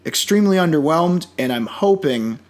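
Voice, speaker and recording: A man's voice: a little high, animated, normal speed. A man co-hosting a podcast, talking casually and enthusiastically with frequent restarts and asides. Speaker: podcast co-host. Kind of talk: casual chat.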